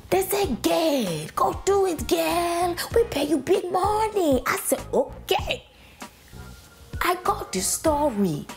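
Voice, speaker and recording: A woman's voice: high voice, full character voice. A woman doing an aggrieved anchor with a Nigerian accent. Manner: exasperated ranting, swings to pleading and whispered insults. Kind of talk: comedy parody monologue.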